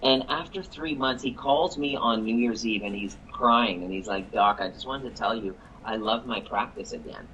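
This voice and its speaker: Energetic man telling a story. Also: on the low side, normal speed, hardly any pauses, muffled recording, slight background noise. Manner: energetic, quotes people in the story, repeats words when excited. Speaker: chiropractic coach and guest. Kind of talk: animated storytelling on a live call.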